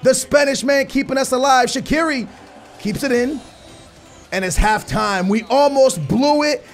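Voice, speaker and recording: A young man with a very high, gravelly voice calls a football video game live, swinging between yelling at plays and muttering complaints. His voice sounds strained and worn from shouting, and hip hop music plays faintly underneath. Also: a little slow. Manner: excitable, shouting at the game, slangy. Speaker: gaming YouTuber. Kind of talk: live gameplay commentary.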